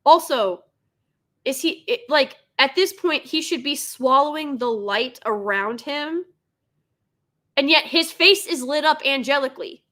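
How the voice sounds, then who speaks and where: Bright-voiced sarcastic woman streamer. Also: high voice, lively intonation, a little slow. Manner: sarcastic, exasperated critique. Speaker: live reaction streamer. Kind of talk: live reaction commentary.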